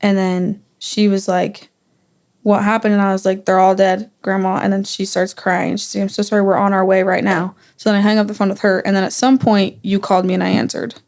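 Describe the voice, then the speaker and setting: A young woman speaks in a casual family conversation, her mid-pitched voice carrying a gravelly fry. She retells events in a loose, rambling way, full of "like" and restarts. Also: little pitch movement, fairly quick, darkish tone. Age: young adult. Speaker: guest.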